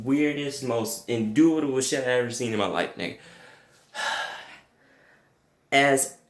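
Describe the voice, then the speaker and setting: A young man telling a comic story with crude language, jumping to high yelps when quoting himself. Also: echoey room. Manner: animated, profane, jumps to high yelps for quoted reactions. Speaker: comedic storyteller.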